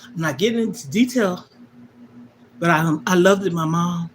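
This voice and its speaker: A woman's voice: on the low side, a little slow, slight background noise. A middle-aged woman hosting a livestream, talking emotionally and emphatically to viewers about her life and repeating her key points like a sermon. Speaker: livestream host. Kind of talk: emotional personal talk to viewers.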